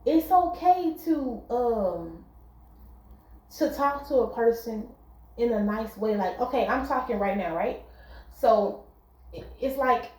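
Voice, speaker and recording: A woman's voice: a little high, expressive, slow, pauses often, darkish tone, reverberant, low-quality recording. A woman giving relationship advice in a casual, earnest monologue, repeating her points. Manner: earnest, repetitive, conversational.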